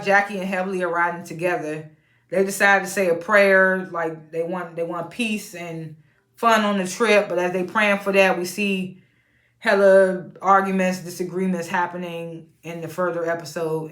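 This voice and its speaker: A woman's voice: fairly low pitch, steady tone, normal speed, reverberant. A woman casually recapping a reality show episode, chatty, laughing often and retelling scenes in quoted voices.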